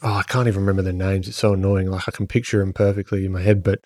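A man's voice: low-pitched, little pitch movement, racing, warm tone, dry recording, studio quality. A man and podcast co-host chatting casually, rambling and explaining with lots of restarts. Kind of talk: casual chat.

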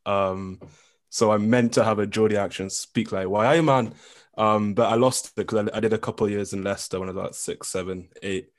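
A young man with an English accent, chatting casually as a guest coach in an interview, full of ums and quick laughs. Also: lowish voice, little pitch movement. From England. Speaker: coach and committee member.

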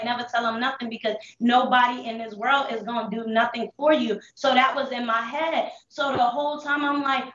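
A young woman with a high voice tells her story candidly in street slang, stopping and restarting as she holds back tears. She sounds a little far from the mic, in a roomy space with a dull sound. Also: a bit bright. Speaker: interview guest. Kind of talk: emotional personal testimony.

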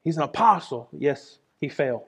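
Preacher guy, kinda high voice, earnest and chatty, repeats himself a lot. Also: animated, moderate pace, breathy edge. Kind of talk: sermon.

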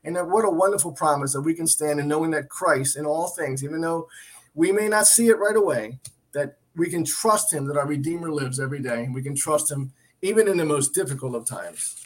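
A man's fairly high voice moves briskly as he co-hosts a Christian talk show. He teaches the Bible in a casual, chatty way, earnest and emphatic. He keeps restarting and repeating himself.

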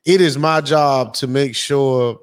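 A man co-hosting a casual chat, joking and telling stories in an animated way. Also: medium pitch, slow pace, clear, resonant tone, no echo, clean studio sound. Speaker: podcast co-host.

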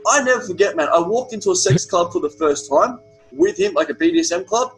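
Australian man, young, high voice, animated storyteller, swears a lot, casual chat. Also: brisk, vocal fry, soft background music, poor audio. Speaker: podcast guest.

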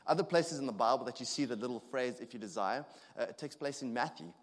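Male preacher, 30s, earnest, stumbles and restarts, mid-pitched, echoing hall. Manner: earnest, halting with frequent restarts and fillers. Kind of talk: sermon. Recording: long hall reverb.

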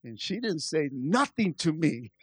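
Male pastor preaching at a church service; high pitch, dry close sound, lively delivery that acts out voices. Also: measured pace, husky, no echo. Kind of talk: sermon.

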